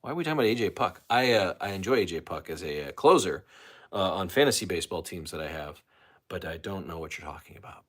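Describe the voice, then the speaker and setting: Male livestream host, lowish voice, loose self-interrupting casual chat. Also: big pitch swings, fast. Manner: loose, self-interrupting, chatty with many fillers.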